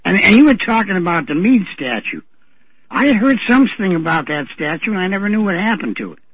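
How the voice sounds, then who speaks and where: A man on a radio talk show, telling anecdotes in a relaxed, chatty way. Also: high-pitched, fast talker, background noise. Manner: chatty storyteller, acting out the voices of people he quotes. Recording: dry, dull radio audio.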